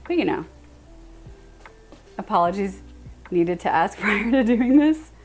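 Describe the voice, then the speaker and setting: Talking over music, a young American woman of medium pitch chats with her live-stream audience. She's lively and laughs easily.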